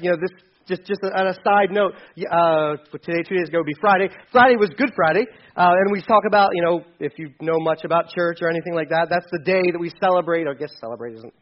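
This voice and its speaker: High-voiced pastor preaching casually. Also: male voice, lo-fi sound. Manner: conversational, self-correcting, joking asides. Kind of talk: sermon.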